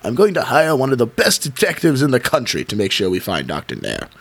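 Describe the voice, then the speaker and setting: A man voicing a kindly, wealthy older gentleman in a deep, slow, reassuring put-on voice while reading a storybook. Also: huge pitch swings, gravelly, breathy edge, heavily acted.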